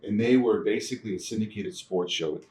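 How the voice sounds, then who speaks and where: A man telling stories from his career in a casual interview, animated, laughing often and acting out the people he quotes. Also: fairly low pitch, fairly quick. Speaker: guest, TV producer. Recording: echoey room, mic at a distance, faint noise.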